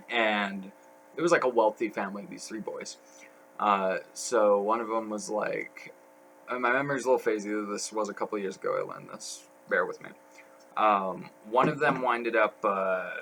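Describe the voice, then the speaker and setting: A man's voice: on the low side, vocal fry, bright, forceful tone, a little hiss or hum, rough recording. A young man talking as a podcast guest, telling stories in a rambling way full of fillers. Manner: rambling, filler-heavy storytelling. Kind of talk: casual podcast chat.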